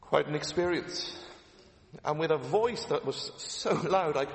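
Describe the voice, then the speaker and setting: Emphatic preacher in echoey hall. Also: male voice, a little high, unhurried. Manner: emphatic, repeats key phrases, rhetorical questions. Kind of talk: sermon. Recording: echoey hall with long reverb.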